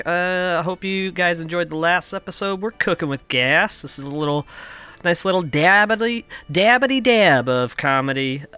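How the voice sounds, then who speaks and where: Recording his comedy podcast in a home basement, a young man from Kansas speaks in a high, pushed, bright voice that is clear and resonant, with no echo. He rambles through a monologue full of swearing and jokes at his own expense.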